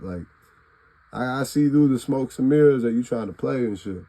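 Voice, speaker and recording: A man's voice: mid-range voice, animated, moderate pace, dark tone, low-quality recording. A man talking straight to his phone camera in a casual, profane, rambling rant, acting out what he would say to people. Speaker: vlogger.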